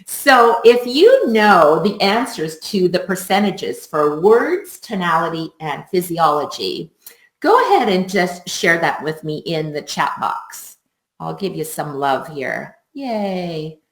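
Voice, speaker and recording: A woman teaching music teachers in a live webinar, upbeat and expressive, laughing often. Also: fairly low pitch, slow pace. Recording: roomy echo.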